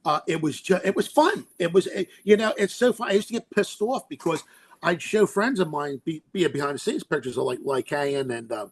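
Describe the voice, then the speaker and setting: A man guest in an interview, an animated storyteller who acts out quotes and laughs often as he recalls directing films. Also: fairly high pitch, a little fast, slightly rough.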